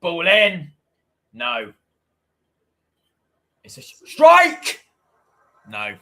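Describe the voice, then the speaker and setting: A man's voice: a little high, huge pitch swings, very slow, sharp tone, slight background noise. A man hosting a football watchalong stream, chatting and calling the game live with wry asides. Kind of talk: live match commentary and chat. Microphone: streaming mic, voice only.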